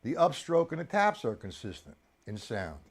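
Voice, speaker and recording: A man teaching drums on a live stream, chatty and coaxing, counting beats aloud with loud accents on the downbeats. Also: mid-range voice, huge pitch swings, normal speed, slightly rough. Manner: chatty, coaxing, addresses viewers directly. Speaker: drum teacher. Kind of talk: live-streamed drum lesson.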